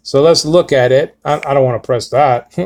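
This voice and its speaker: A man's voice: mid-range voice, measured pace, a little mellow. A man teaching a Bible lesson, walking through Greek words on screen, emphatic and repetitive with frequent "okay?" check-ins.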